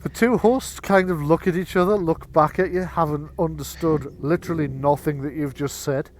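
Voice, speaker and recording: A man as game master narrating a tabletop game in a relaxed, chatty way. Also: fairly high pitch, moderate pace. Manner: relaxed, chatty, laughs easily.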